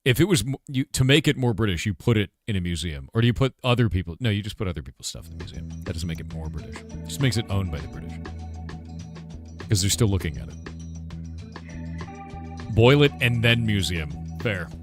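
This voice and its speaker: A middle-aged American man hosting a live stream, his low voice swooping up and down as he riffs on jokes with chat. Quiet music plays faintly behind him. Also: expressive, fairly quick. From United States. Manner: jokey, riffing banter with chat. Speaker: game developer streamer.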